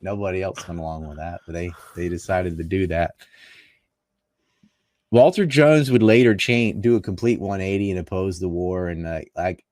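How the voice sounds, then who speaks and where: A man's voice: low voice, a little mellow, no room sound, studio quality. A man from North Carolina, a political commentator in a conversational interview, talking emphatically and firing off rhetorical questions.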